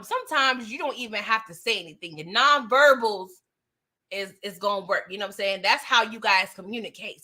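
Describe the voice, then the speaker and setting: A woman casually recapping a TV episode in slangy, animated talk, laughing often. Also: mid-range voice. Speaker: TV recap host.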